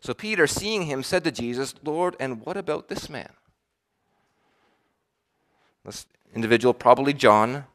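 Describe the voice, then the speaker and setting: A male pastor delivers a sermon that swings from emphatic declarations to hushed, quiet lines. He voices quoted speakers with a rising pitch, sounding expressive at a moderate pace.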